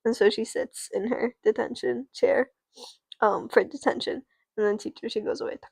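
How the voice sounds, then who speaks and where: A woman's voice: a little high, steady tone, moderate pace, creaky, a little mellow, slightly rough, no echo. A woman streamer improvising a story with dolls, rambling, correcting herself and swearing. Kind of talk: casual improvised storytelling with doll play.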